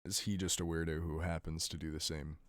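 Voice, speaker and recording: Low-voiced man joking around casually. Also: level tone, fairly quick. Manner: joking, trails off at the ends of phrases. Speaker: podcast co-host. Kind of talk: casual chat.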